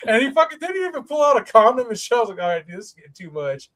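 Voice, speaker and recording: High-voiced man telling a rowdy story. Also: rapid-fire. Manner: animated, profane, laughing storyteller who acts out quotes. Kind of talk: casual storytelling chat.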